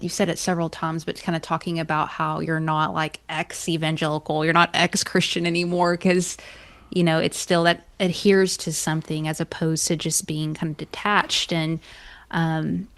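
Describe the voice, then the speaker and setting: A woman's voice: low-pitched, level tone, moderate pace. A woman hosting an interview podcast, chatting openly and affirming her guest with frequent agreement. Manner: warm, affirming, frequent "yeah". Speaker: podcast host. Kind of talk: conversational interview.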